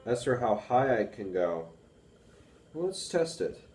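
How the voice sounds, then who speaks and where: A young man with a baritone voice, rambling casually to camera with many fillers about reading and analyzing music. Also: very animated, slow pace, darkish tone, far from the mic. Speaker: music student vlogger. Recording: echoey room with faint music.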